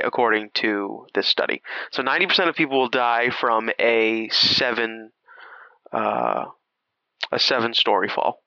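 Man, podcast co-host, lively pitch, very bright tone, dull dry recording. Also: no room sound. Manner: crude, laughing, animated storytelling. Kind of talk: casual movie recap chat.

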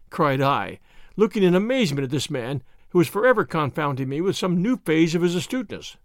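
Lively male audiobook narrator. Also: a little high, a little fast, dry recording, clean studio sound. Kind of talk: scripted narration.

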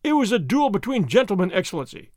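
A man voicing a proud, commanding elderly nobleman who speaks forcefully. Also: high voice, very animated, fast, no echo, clean studio sound. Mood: firm.

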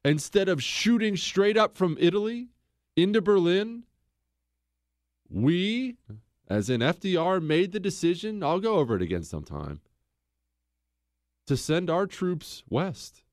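A man's voice: high-pitched, a little slow, pauses often, dry recording, clean studio sound. A man hosting a casual history podcast, telling events with sarcastic asides and acting out quoted lines. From United States. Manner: sarcastic, animated, acts out quotes. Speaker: podcast host.

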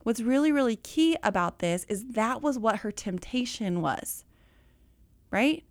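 A woman, coaching listeners on budgeting in casual, animated chat and calling them y'all. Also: fairly high pitch, unhurried, no echo. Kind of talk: casual talk.

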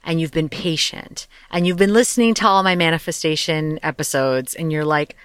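A woman's voice: deep voice, normal speed, hardly any pauses, clean tone, dry recording, clean studio sound. A young woman hosting her own podcast, talking casually and chattily about life coaching, with light laughter and loose asides. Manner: chatty, animated, laughs often, swears lightly. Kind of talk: casual solo podcast talk.

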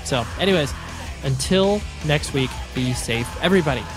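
A man's voice: on the high side, expressive, normal speed. A sick man with a nasal voice, hosting a podcast and wrapping up the episode in a rambling, apologetic way. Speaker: podcast host. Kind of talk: casual podcast outro. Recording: music playing underneath.

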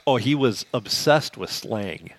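A man's voice: lowish voice, lively intonation, unhurried. A man co-hosting a podcast, telling dry, offhand anecdotes in casual chat.

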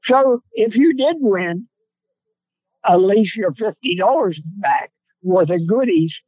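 A man's voice: high voice, lively intonation, takes it slowly, a little mellow, dry recording, dull audio. A man telling rambling, folksy hunting stories in casual chat. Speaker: guest, coon hunter. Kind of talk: casual storytelling on a phone-in. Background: on a road, seeing a deer across it.

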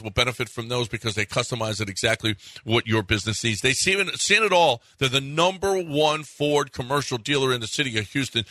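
A man's voice: medium pitch, sharp tone, no echo. A man co-hosting sports radio, joking and blunt, also reading a live car ad. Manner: joking, blunt, quick retorts. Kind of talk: casual sports radio banter and live ad read.

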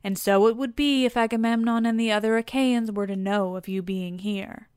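A woman's voice: fairly high pitch, fairly even intonation, normal speed, a little mellow, clear, resonant tone, dry recording, studio quality, close to an everyday voice. A woman voicing a male messenger god earnestly warning an old king, in a storybook reading.

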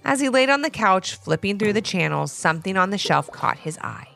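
Female children's-story narrator, animated and lively, faint music under. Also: mid-range voice, a little fast, vocal fry. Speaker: storyteller host.

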